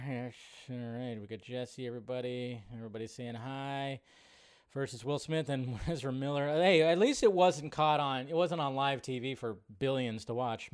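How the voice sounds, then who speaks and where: A man's voice: mid-range voice, smooth. A man hosting a live film news stream, chatting loosely with viewers and rambling between greetings.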